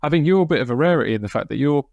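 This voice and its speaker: A man's voice: on the high side, expressive, very fast, gravelly, darkish tone, no echo, dull audio. A man from England hosting a podcast, chatting casually in a rambling way with casual swearing. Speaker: podcast host. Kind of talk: casual chat.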